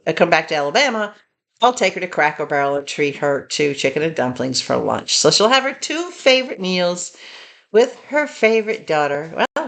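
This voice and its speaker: A woman's voice: on the low side, fairly bright tone. Chatty woman telling stories. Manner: chatty storyteller, talks to her dog. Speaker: vlogger. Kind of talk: casual haul video chat.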